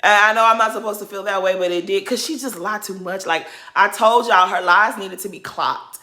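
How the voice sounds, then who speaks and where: A woman's voice: medium pitch, fairly quick, bright, forceful tone. A woman giving casual reaction commentary, blunt and sassy, laughing as she rants. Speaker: reality TV commentator.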